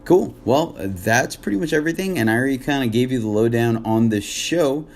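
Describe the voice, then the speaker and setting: A man's voice: medium pitch, lively intonation, brisk, darkish tone. A man hosting a podcast, making loose, upbeat announcements. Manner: upbeat, loose, filler-heavy. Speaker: podcast host. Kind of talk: show announcement.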